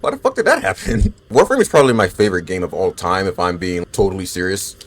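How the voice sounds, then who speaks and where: A man's voice: low-pitched, huge pitch swings, fast. A man in his twenties giving casual, profane commentary while he streams a game, chatting loosely with viewers and fighting the hiccups. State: has the hiccups. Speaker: gaming streamer.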